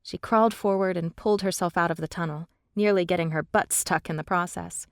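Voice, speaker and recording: A woman narrating a fantasy audiobook in the first person, steady and measured, on a close studio mic. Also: on the low side, no echo.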